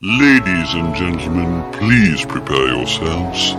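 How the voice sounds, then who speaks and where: A deep-voiced male announcer introduces a segment with slow, grand pacing. His pitch swings widely, and loud music plays underneath him. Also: animated. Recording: voice over loud music bed.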